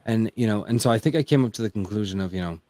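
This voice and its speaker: A baritone-voiced man, an author chatting casually at a round table, enthusiastic and rambling with many restarts, speaking into a home mic run through a mixer. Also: rapid-fire, warm tone, no echo. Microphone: home mic through a mixer, bass boosted.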